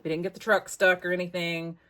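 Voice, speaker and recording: Chatty middle-aged American woman crafting vlogger, lowish voice, rambling casual storytelling. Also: flat delivery, brisk, fairly bright tone. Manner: chatty, rambling, muttering asides to herself.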